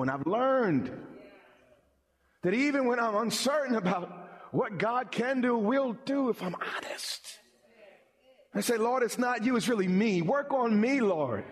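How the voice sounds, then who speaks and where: Husky animated preaching man. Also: high-pitched. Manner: animated preaching, repeats words when emphatic. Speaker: pastor. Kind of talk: sermon.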